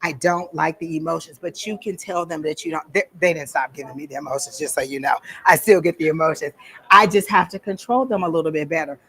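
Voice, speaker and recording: In an event room at a psychic fair, a woman teaches a workshop, talking casually and bluntly and acting out the voices she quotes. Her voice is low and a bit bright, and she speaks at a quick pace.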